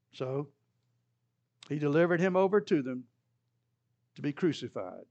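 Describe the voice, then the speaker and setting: A man teaches a Bible study lesson conversationally, occasionally acting out the story's quoted voices by raising his pitch. He has a sing-song delivery at a moderate pace and pauses often.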